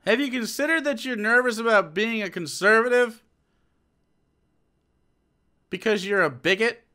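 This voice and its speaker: A man's voice: sits high, moderate pace, sharp tone, clear, resonant tone. A man streaming live, reacting to a clip in a sarcastic, profane rant.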